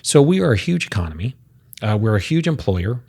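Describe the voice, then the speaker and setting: Gravelly, emphatic man, podcast guest. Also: mid-range voice, very animated, brisk, darkish tone. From United States. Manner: emphatic, statistic-heavy, repeats words when starting. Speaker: podcast guest, restaurant association head. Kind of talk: casual podcast interview.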